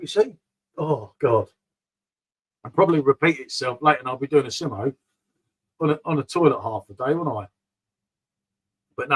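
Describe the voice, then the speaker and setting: A middle-aged beer vlogger reads his live chat and rambles casually about beer, often calling viewers "mate." His voice is mid-range and husky. The recording is rough.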